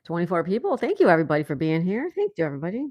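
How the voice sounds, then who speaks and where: A woman's voice: on the low side, wildly swooping pitch, rapid-fire, darkish tone, no echo. A woman hosting a casual livestream, reading viewer comments aloud and laughing often. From United States. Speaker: livestream host. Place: home in Florida.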